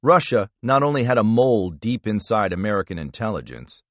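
Deep-voiced man narrating a thriller. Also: very animated, brisk, no room sound. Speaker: audiobook narrator.

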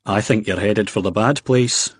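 A man's voice: fairly low pitch, normal speed, slightly rough, dry recording, studio quality. A man voicing a brash young Scottish man who talks bluntly and teasingly, with a Scottish accent. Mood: prying.

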